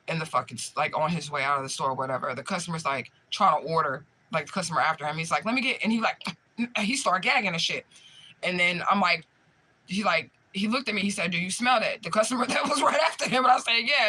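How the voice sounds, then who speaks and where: A young man telling a profane, animated story in casual chat, often laughing as he retells it. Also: high voice. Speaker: spiritual medium livestream host.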